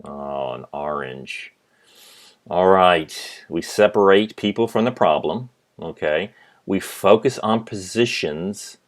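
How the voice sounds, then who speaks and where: A middle-aged man giving a business lecture as a professor, telling stories in an animated way and acting out the people in them. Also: low-pitched, slow pace. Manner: animated storytelling, acts out his father. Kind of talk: recorded lecture.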